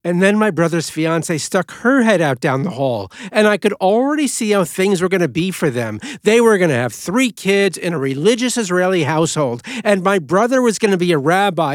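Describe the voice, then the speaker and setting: A man tells his own story in a studio with a voice that rises and falls a great deal, on the higher side for a man. His delivery is expressive, swinging from hushed reflection to loud intensity. The sound is close and dry. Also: moderate pace, hardly any pauses, dry recording. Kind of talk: first-person personal storytelling. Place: recording studio.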